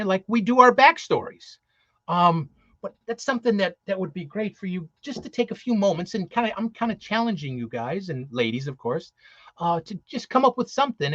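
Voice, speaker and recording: A man's voice: on the high side, a bit bright, husky, no room sound, highs cut off. A man who performs as Santa, giving a rambling, encouraging talk full of restarts and fillers. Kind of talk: casual motivational talk.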